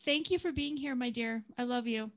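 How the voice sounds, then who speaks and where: A woman's voice: fairly high pitch, a little fast, a crowd in the background. A woman hosting a casual radio chat, encouraging and playful with her guest. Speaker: radio show host.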